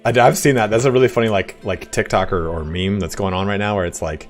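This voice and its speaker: A deep-voiced man talks fast through a strategy game on stream, relaxed and chatty, often saying "dude." It's casual gaming commentary with soft music playing quietly underneath.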